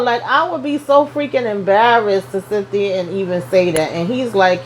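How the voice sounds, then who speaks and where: A woman's voice: medium pitch, measured pace, a little mellow, slight background noise, poor audio. Sassy chatty woman recapping a show. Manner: chatty and sassy, lots of slang asides. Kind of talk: casual recap vlog.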